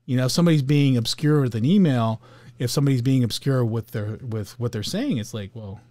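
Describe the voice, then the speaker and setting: A man's voice: mid-range voice, fairly quick, warm tone, no room sound. A man co-hosting a casual talk about emotions, rambling with fillers and restarts, sometimes acting out coworkers. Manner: acts out coworkers in little skits. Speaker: podcast co-host.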